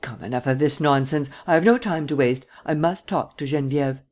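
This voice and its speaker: A cunning gentleman thief, read by the man narrating the audiobook talks calmly and drily. He is measured and self-assured, never hurried. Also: on the high side, close to an everyday voice. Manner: calm, measured, drily ironic. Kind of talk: audiobook reading.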